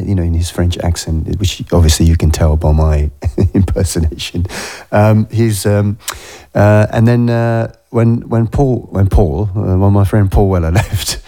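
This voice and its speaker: Low, mellow-voiced male radio DJ. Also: normal speed. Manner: rambling and chatty, with many fillers. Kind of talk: casual radio show chat.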